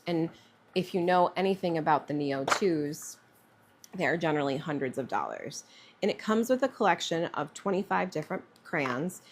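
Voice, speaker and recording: Chatty, lower-voiced woman artist. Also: a little hiss or hum. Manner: chatty, thinking aloud with fillers. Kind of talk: live-streamed painting demo.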